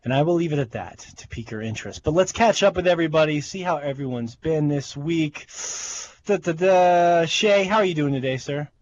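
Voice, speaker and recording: A man's voice: fairly high pitch, animated, fast talker, few pauses, muffled recording. A man hosting a gaming podcast, chatting in an upbeat casual way with fillers. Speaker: podcast host.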